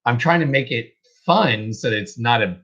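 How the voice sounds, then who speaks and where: A man's voice: medium pitch, lively intonation, moderate pace, fairly bright tone, breathy edge. A man hosting a casual livestream, rambling and self-deprecating with many restarts. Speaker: reseller host. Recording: dull lo-fi livestream audio.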